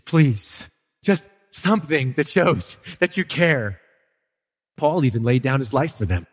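A man's voice: fairly high pitch, in a large hall. A male pastor preaching a sermon in a church, talking casually to the congregation with rhetorical questions and quoted voices. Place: church sanctuary.

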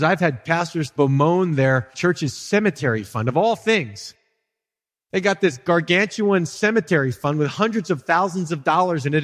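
A man's voice: high voice, long reverb tail. A male pastor preaching a sermon in a church, talking casually to the congregation with rhetorical questions and quoted voices. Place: church sanctuary.

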